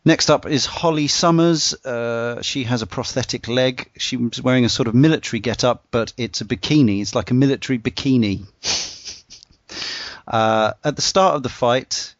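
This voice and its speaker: A man in a casual podcast discussion, talking in a relaxed, rambling way with lots of "uh" fillers. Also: mid-range voice, moderate pace, dry recording, muffled recording. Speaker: podcast panelist walking through game bosses.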